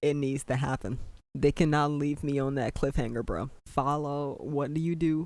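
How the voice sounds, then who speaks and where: A man's voice: a little high, steady tone, normal speed, a little mellow, dry recording. A man hosting a casual podcast, ranting emphatically and repeating himself, with plenty of "like" and "bro". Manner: emphatic, repetitive, exasperated ranting with frequent "bro" and "like". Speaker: podcast host.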